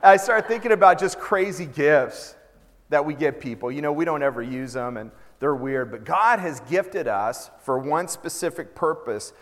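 Animated pastor in a reverberant church. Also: male voice, fairly high pitch. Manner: animated storytelling, earnest prayer. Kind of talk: sermon. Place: church sanctuary.

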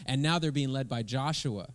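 A man, a pastor, leading prayer and preaching a sermon in a relaxed, conversational way. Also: medium pitch, normal speed.

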